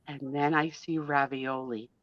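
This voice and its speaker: A woman's voice: rumbling low, fairly even intonation, measured pace, dry recording. A woman in her fifties, a guest on a live chat show, telling a story in a gushing, emotional, chatty way with mild swearing. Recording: dull lo-fi, dry sound.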